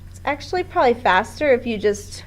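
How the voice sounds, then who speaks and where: A woman's voice: a little high, animated, a little fast. A woman teaching a Spanish grammar lesson at a board in a classroom, explaining step by step with patience.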